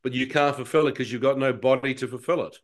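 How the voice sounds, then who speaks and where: A man giving an animated, slangy personal testimony as a guest. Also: mid-range voice, fast talker. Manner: animated storyteller, acts out his own thoughts, slangy. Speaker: guest telling a near-death testimony.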